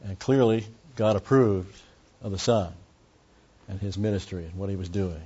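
A man with a husky, lowish voice teaches through a passage as a pastor, talking casually and doubling back on himself. The recording is dull and lo-fi. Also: moderate pace, warm tone. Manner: conversational, with frequent asides and restarts. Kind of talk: expository sermon.

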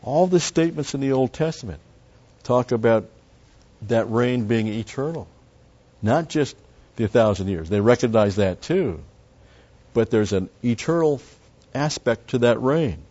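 A man's voice: medium pitch, expressive, unhurried, long pauses, darkish tone. A man teaching through a Bible passage verse by verse, in a conversational way that explains each word and adds asides. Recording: dull lo-fi sound.

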